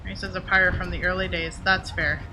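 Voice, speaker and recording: A woman's voice: on the low side, little pitch movement, a little fast, background noise. A woman game streamer chatting casually and answering her viewers by name. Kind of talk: casual chat while streaming.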